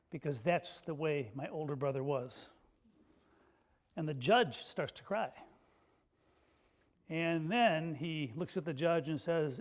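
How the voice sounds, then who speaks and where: A male pastor delivering a sermon with folksy, self-deprecating storytelling, dropping soft and slow at emotional moments. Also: high-pitched.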